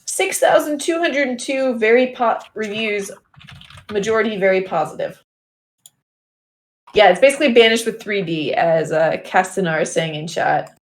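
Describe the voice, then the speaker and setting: A woman's voice: medium pitch, expressive, moderate pace. Woman. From Southern United States. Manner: curious, checks details, light laughter. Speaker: podcast co-host. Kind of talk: casual gaming podcast chat.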